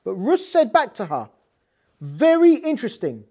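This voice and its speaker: A woman teaching a scripture lesson in a chatty, conversational way. Her voice sits a bit high and swings widely as she explains, and she plays out the quoted dialogue with some sass. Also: normal speed. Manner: animated, acts out quoted lines with sass. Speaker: Bible teacher.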